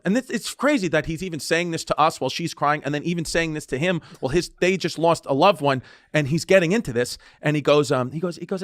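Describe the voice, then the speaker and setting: Rambling, laughing male comedian with a high voice. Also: fairly quick, few pauses, dry recording, clean studio sound. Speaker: comedian guest. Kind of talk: casual comic storytelling.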